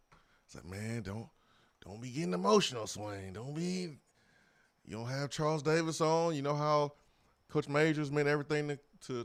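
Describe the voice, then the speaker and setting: A man's voice: on the high side, smooth. A man, hosting a morning sports talk show in an earnest, moved way and repeating words. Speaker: sports radio host.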